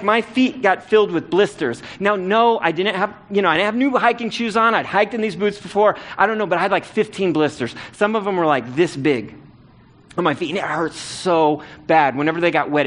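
A man's voice: high voice, fairly bright tone. A man preaching a sermon, telling a self-deprecating personal story in a casual, conversational way. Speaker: pastor.

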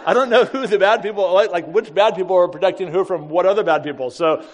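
Animated storytelling man in a large hall. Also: high-pitched, fast talker, muffled recording, slight background noise. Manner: lively, acts out quoted voices, laughs often. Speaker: speaker telling a personal story. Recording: long hall reverb.

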